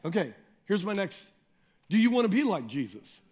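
A man preaching a sermon as pastor, emphatic, repeating phrases, calling on the congregation and slowing down to read scripture. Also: high-pitched, sing-song, a little mellow, breathy edge. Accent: Midwestern American. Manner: slows down and lifts the voice when reading scripture.

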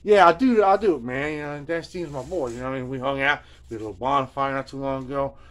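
A man's voice: medium pitch, fast, fairly bright tone. Laid-back rambling man, "you know, man". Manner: laid-back, drawling, peppers speech with "man" and "you know what I mean". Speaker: host of a guitar video journal. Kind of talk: rambling casual storytelling.

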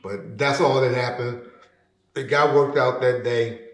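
A man telling a story as an interview guest, casual and slangy, acting out other people's lines loudly and trailing off into low mutters. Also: unhurried. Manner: animated, acts out quotes loudly; slangy, drops to a mutter at ends of phrases. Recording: roomy echo.

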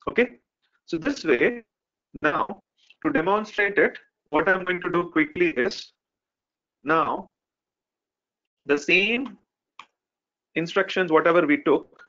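A man's voice: a little high, fairly bright tone. Lecturing man on a lo-fi call. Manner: explains step by step, many fillers like "okay" and "right". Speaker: instructor. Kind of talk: live online technical lesson. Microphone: video call. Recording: dull lo-fi call audio.

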